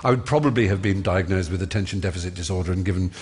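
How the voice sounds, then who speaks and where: Fluent, fast-storytelling English man. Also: low-pitched, husky. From England. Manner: quick, fluent storytelling with fond mimicry. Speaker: guest on stage. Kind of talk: live on-stage conversation. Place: large concert hall stage.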